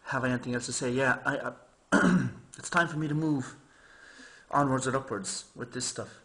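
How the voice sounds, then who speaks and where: A man's voice: medium pitch, moderate pace. A man rambling casually to his camera, telling stories and mimicking people in a raised voice. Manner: chatty, animated storytelling, mimics people in raised voice. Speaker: vlogger.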